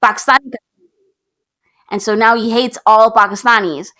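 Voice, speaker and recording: A young woman co-hosts a podcast, walking through a film's plot in a casual, chatty way. She talks in a lively voice and acts out what each character says, slipping into their lines as she tells it. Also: on the high side, fairly quick. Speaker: podcast co-host. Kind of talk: casual movie recap chat.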